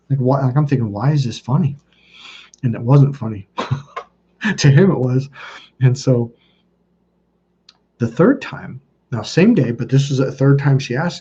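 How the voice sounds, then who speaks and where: Rambling, profane man with a dark, husky voice. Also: medium pitch, expressive, measured pace, pauses often. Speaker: dating coach. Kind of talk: casual storytelling monologue. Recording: dull lo-fi sound.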